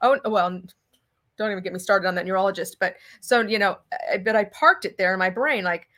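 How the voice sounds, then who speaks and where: A woman's voice: mid-range voice, brisk. A middle-aged woman from California, a guest in a conversational interview, telling a story animatedly and acting out the dialogue. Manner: animated, acts out dialogue in quotes. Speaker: political candidate guest.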